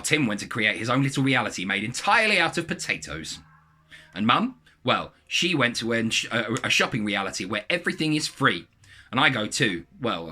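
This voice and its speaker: A man reading a submitted story aloud in a lively, animated way. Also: fairly low pitch.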